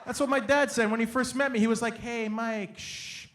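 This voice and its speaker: A young man from Canada doing an animated, playful stand-up comedy set on a stage, acting out his family in quick bits. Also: extremely high pitch. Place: comedy stage before a live audience.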